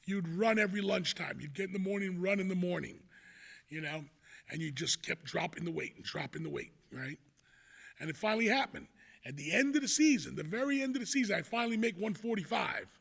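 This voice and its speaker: A man's voice: high voice, lively intonation, a little fast, gravelly, a bit bright. A man in his sixties with a New York accent tells an old school story in a casual, rambling way, with lots of "you know" asides. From New York City, the Bronx.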